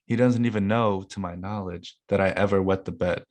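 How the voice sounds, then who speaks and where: A young man co-hosting casually, telling animated stories and laughing often. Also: low voice, brisk. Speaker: co-host reading confessions. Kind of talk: casual chat.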